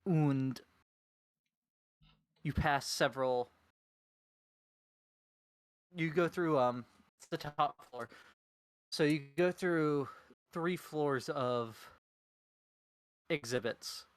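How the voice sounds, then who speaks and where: A man narrating as game master of a tabletop game, slow and halting with many fillers. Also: on the high side, no room sound.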